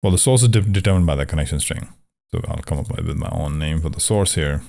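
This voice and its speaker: A man with a very low voice walks through code in a casual screen-share lesson. He thinks aloud as he goes, correcting himself often, with a wry, joking manner. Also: fast, vocal fry, a little mellow. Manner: wry, joking about pronunciation. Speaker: programming tutor.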